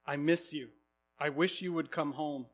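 A loving, heartbroken father, as a man tells him, pleading gently with his son. The voice is fairly high for a man and stays close to the storyteller's own. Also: steady tone, measured pace.

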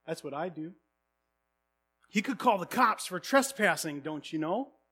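A man's voice: sits high, expressive, measured pace, pushed and bright, slightly rough, full character voice. A man voicing a gossiping small-town busybody who chatters in a snide, scandalized way.

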